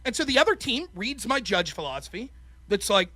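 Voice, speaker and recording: A man hosting a call-in show, telling stories in animated, profane casual chat. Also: high-pitched, fairly quick, dry recording. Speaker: podcast host.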